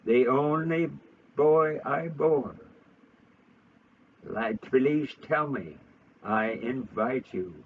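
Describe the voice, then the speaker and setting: A man's voice: drawn-out words, pauses often, narrow, tinny audio, slight background noise. A man doing a haughty old noblewoman. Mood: tender. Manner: high and stately, sedate. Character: haughty stately old French noblewoman mother.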